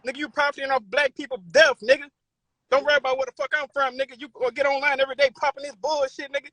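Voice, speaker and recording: A man's voice: very high voice, level tone, racing, bright, forceful tone, no echo. A man calling into a livestream, angry and accusing in a heated, profane argument. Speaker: caller on a livestream.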